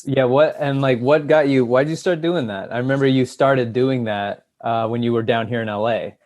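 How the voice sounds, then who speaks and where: A man's voice: mid-range voice, fairly even intonation, moderate pace, darkish tone, no echo. A man co-hosting a podcast, telling a rambling, self-deprecating story in casual chat. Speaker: podcast co-host.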